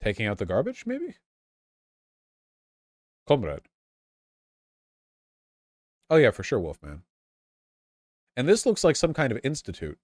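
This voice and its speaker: A male streamer chats casually with his viewers, his voice jumping around with lively ups and downs. He swears freely and gets excited easily. The sound is close and dry. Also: mid-range voice, fairly quick, long pauses, no room sound. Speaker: live streamer. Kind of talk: casual live-stream commentary.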